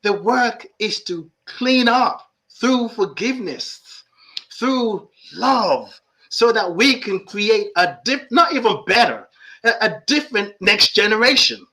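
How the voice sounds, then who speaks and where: Woman, podcast host, mid-pitch voice, affirming listener. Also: expressive, slow, low-quality recording. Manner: affirming listener, frequent soft agreement. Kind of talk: interview conversation.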